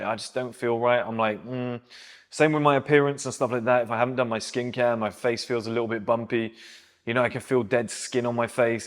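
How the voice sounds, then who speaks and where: A man talks bluntly and directly to his viewers, laying out firm rules in a plain, mid-range voice. The recording carries a long, ringing reverb, as if he is speaking in a large, bare room. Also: medium pitch. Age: 30s. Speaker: men's self-improvement channel host. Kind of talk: advice monologue to camera.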